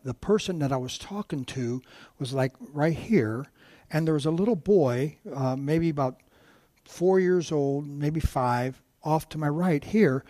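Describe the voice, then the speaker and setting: A man's voice: a little high, warm tone, no room sound. Preaching man, stumbling storyteller. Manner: storytelling with many restarts and direct asides to the congregation. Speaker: guest preacher. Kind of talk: sermon.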